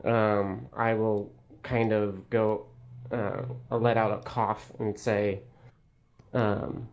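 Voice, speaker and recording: A man's voice: lowish voice, little pitch movement, slow pace. A hesitant man playing a tabletop game. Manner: hesitant, with fillers. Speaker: player.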